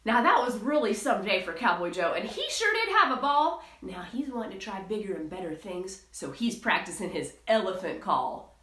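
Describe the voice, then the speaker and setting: A woman's voice: mid-range voice, very animated, moderate pace, fairly bright tone, recorded from a distance. A woman music teacher leading a live online lesson for young children, enthusiastic and sing-song. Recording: roomy echo with faint guitar.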